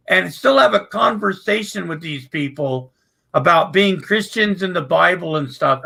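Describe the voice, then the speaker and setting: A man in casual group chat, rambling and halting, gossiping about people on a stream. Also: a little high, lively intonation, vocal fry, bright, forceful tone, rough recording. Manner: rambling, halting, full of restarts and fillers.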